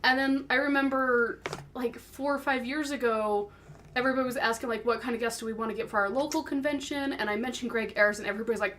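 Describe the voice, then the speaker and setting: Over slight background noise, a woman with a higher, fast voice co-hosts a podcast, animatedly telling stories in loose chat and acting out the lines people said.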